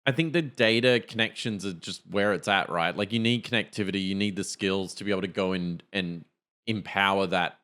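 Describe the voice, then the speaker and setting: A man with a fairly low voice co-hosts a casual tech podcast. He talks skeptically and hesitantly, stopping to restart his thoughts as he goes. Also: fairly quick, a bit bright. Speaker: podcast co-host.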